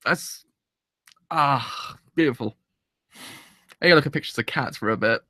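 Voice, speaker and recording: A man's voice: mid-range voice, moderate pace, pushed and bright, no echo, studio quality. A man hosting a live anime reaction, tearful and emotional, rambling and swearing mildly as he talks. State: tearful, crying. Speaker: anime reaction channel host.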